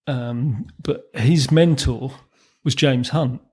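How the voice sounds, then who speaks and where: A man's voice: mid-range voice, takes it slowly, warm tone, slightly rough. A man, a former racing mechanic telling anecdotes as a podcast guest, chuckling through his stories with frequent ums and restarts. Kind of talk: storytelling in a podcast interview.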